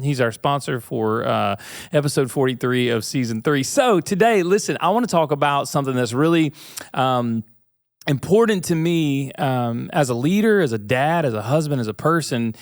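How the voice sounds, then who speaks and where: Earnest man hosting a podcast, slightly high. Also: no room sound, studio quality. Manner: earnest and conversational, talks straight to listeners with rhetorical questions. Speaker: podcast host. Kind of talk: casual faith and leadership podcast monologue. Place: studio suite with bookshelves.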